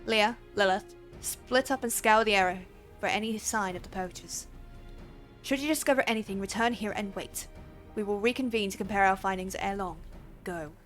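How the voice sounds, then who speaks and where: A woman voicing a formal, aloof woman archer leader in a video game, reading in a stiff, measured way. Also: mid-range voice, a bit bright, faint music behind, natural voice.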